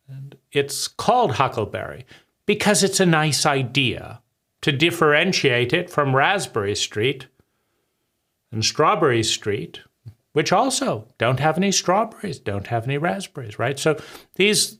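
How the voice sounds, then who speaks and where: A man's voice: mid-range voice, a bit bright. Guy rambling through a philosophy talk, keeps saying right, stacks up examples. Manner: talks in loose restarts, tags lines with "right?"; builds points with long lists and analogies. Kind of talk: philosophical lecture.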